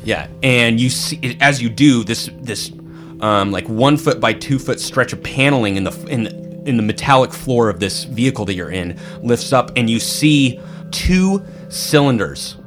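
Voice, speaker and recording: Guy running a tabletop game, middle-pitched, describes stuff loosely with lots of ums. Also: animated, moderate pace, music in the background. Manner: loose, searching descriptions with many fillers. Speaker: game master.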